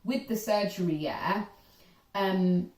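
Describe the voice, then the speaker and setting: A woman's voice: mid-range voice, takes it slowly, distant mic. Young woman telling a story in an echoey room. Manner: animated storytelling with acted-out quotes. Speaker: host. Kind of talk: casual chat.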